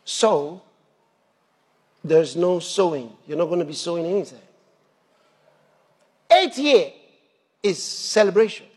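A man preaching a sermon, animated, laughing between points and rising to shouts at the peaks. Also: high-pitched, husky. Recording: long hall reverb.

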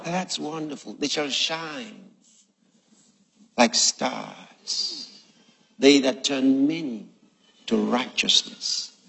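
A man preaching a sermon, quoting scripture slowly and with emphasis between long pauses. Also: mid-range voice, vocal fry, a bit bright, a little hiss or hum. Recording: long reverb of a large hall.

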